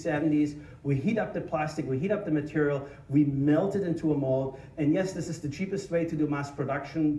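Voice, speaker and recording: A man with a German accent giving an energetic, informal tech conference talk, joking about himself and restarting sentences often. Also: on the high side, distant mic. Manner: energetic, informal, self-deprecating, many restarts. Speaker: conference speaker. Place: conference hall. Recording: echoey hall, mic from afar.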